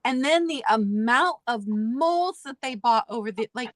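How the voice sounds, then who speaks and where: Enthusiastic woman co-host, fairly high. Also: animated, unhurried, no room sound, studio quality. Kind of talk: casual live-stream chat.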